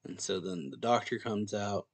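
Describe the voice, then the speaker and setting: Man, low-ish voice, offhand host recapping a chapter, chatty with filler words. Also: steady tone, normal speed, gravelly. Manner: loose and conversational, frequent "like" and "yeah". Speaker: manga reaction channel host.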